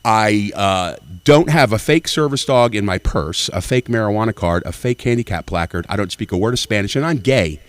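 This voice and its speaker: A man's voice: fairly low pitch, expressive, normal speed, few pauses, dry recording. Brash man over sixty. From Nashville, Tennessee. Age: 60s. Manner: brash, profane storytelling. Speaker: open-mic comedian. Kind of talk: stand-up comedy.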